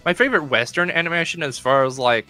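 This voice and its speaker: Bright, laughing stream guest. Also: medium pitch, soft background music. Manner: laughs often, enthusiastic, quick restarts. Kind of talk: casual chat.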